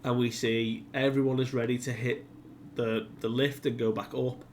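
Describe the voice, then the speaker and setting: A man's voice: mid-range voice, little pitch movement, moderate pace, a little hiss or hum. A man hosting a casual comic chapter recap, chatty and full of fillers, who acts out the characters' lines. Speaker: manga discussion video host.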